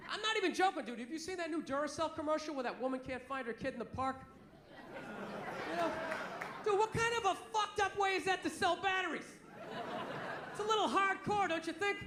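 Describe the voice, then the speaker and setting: A man's voice: very high voice, expressive, brisk, long pauses, noisy background. A man in his forties doing a profane, ranting stand-up routine in a comedy club with a live audience. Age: 40s. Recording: echoey venue, loud crowd. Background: audience laughter.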